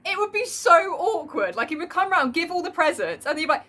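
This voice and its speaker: A young woman with a high, bright voice that swings widely in pitch, co-hosting a casual podcast chat. She is playful and jokey, acting out imagined dialogue as she talks. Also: very animated, a little fast. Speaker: podcast co-host.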